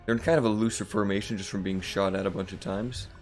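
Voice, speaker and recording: A man with a slightly rough morning voice, casually commenting on a strategy game as the channel host, relaxed and rambling with fillers. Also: fairly low pitch, fast talker, soft background music.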